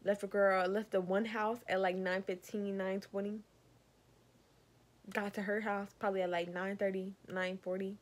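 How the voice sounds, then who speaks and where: Young woman, storytime vlogger, exasperated, lively delivery, talks straight to the viewers. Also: mid-range voice, moderate pace. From Savannah, Georgia. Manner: animated, exasperated, addresses viewers as y'all. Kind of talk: storytime rant.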